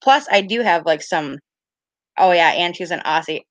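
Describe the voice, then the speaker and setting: Low-voiced chatty woman in her thirties. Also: lively intonation, moderate pace, no room sound. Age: 30s. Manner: rambling, chatty, full of "like" and "I was like"; greets chat viewers warmly by name. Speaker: live-stream card reader. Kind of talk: casual live-stream chat. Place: home at night.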